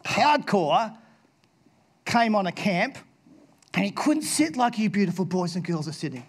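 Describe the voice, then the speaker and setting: Animated high-voiced man storytelling. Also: unhurried, breathy edge. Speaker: speaker addressing schoolchildren. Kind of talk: storytelling talk to an audience.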